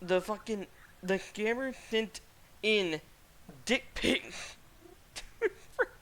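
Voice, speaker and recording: A man's voice: high-pitched, slow, a bit bright. A man hosting a casual streamed podcast, telling a rambling story with frequent laughter. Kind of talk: casual chat.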